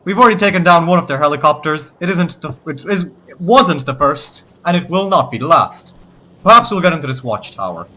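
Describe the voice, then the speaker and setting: A man's voice: fairly high pitch, lively intonation, fairly quick, pushed and bright. A man giving gameplay commentary, switching between theatrical rallying speeches and swearing asides. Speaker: let's play gamer.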